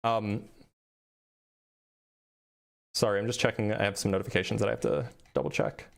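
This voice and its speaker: A man hosting a live debate stream, talking casually and quickly, often restarting his sentences in a self-deprecating way. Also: lowish voice, animated, gravelly.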